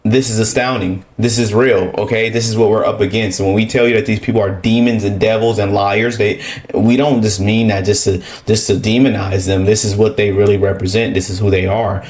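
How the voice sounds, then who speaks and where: A man's voice: on the low side, fairly even intonation, brisk, a little mellow. A man giving casual reaction commentary, emphatic and rhetorical, often tagging his points with a questioning "okay?".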